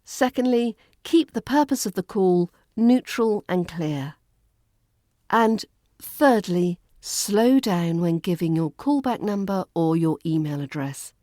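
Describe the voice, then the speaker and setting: A woman with a British RP accent teaching pronunciation in a scripted lesson, enunciating clearly and repeating words for practice. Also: on the low side, lively intonation, slow, dark tone, no room sound, clean studio sound. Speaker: accent coach.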